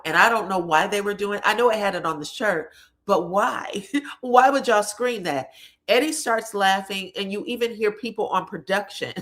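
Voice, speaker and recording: A woman's voice: medium pitch, moderate pace, a bit bright. A woman casually recapping a reality show episode in a chatty, conversational way. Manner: chatty, conversational, drops in "you know what I'm saying".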